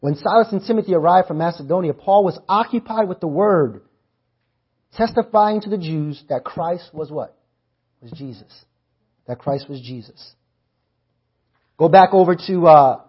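A preacher delivers a sermon in a husky, fairly high voice, working through scripture and repeatedly drawing the congregation in with questions they answer back. The audio is muffled and lo-fi.

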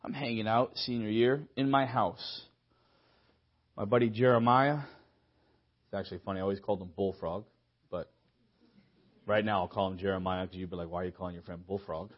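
Young male pastor, storytelling sermon style, husky tone, muffled church recording. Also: fairly low pitch, fairly quick, long pauses. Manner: lively storytelling, acts out dialogue, laughs often. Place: church hall.

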